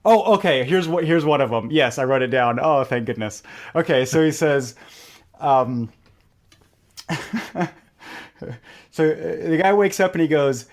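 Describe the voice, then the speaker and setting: A man as a podcast guest, telling stories in a relaxed conversational way and acting out quoted lines. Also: on the high side, unhurried, long pauses. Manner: animated, acts out quoted lines in a joke. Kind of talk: conversational storytelling.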